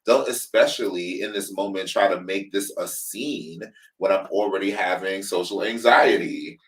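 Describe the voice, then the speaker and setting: A man with a low voice, recorded a little way back from the mic, talks through a reality show episode in a casual podcast chat. He tells it with energy, acts out what people said, and swears freely. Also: normal speed, recorded from a distance, low-quality recording. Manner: animated storytelling, acts out quotes, swears freely. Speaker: podcast co-host.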